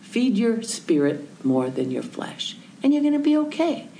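A woman's voice: fairly high pitch, moderate pace, slight background noise, rough recording. A woman telling a story in conversation, acting out the voices of the people in it and sometimes dropping to a whisper, with a faith message. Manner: animated storyteller, acts out voices, drops to whispers. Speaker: Christian speaker telling a story.

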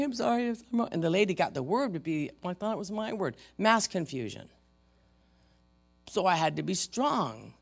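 With a creaky, mid-range voice, a preacher talks casually through a sermon, retelling a story and asking the congregation questions along the way.

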